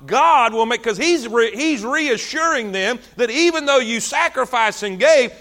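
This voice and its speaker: Male preacher, very high bright voice, animated sermon delivery. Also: measured pace, few pauses. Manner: animated, drawls and stretches words for emphasis.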